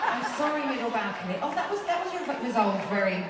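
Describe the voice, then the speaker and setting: A woman's voice: on the high side, very animated, fast talker, loud music behind the voice. A British woman bantering on stage with a concert audience, joking and laughing at herself. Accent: British English. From Britain. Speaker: singer addressing a concert audience. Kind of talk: casual stage banter with the crowd. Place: large live concert venue. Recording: echoey live venue, distant mic, loud crowd noise.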